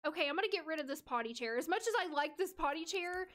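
A woman's voice: high voice, animated, fast talker, a bit bright. A woman from the United States streaming a life-sim game, chatting casually with viewers and talking to the characters.

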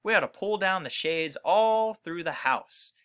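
A man putting on an eager, impulsive little boy from a storybook, pitched high and bright. The voice jumps around with excitement. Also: measured pace, clean tone. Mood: solemn.

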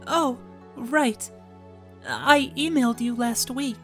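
A man voicing a cheerful, eager teenage schoolgirl in a high, sweet, girlish voice while reading a visual novel aloud. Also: slow, soft background music, exaggerated voice. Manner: bright high put-on girlish voice, breathless and sweet.

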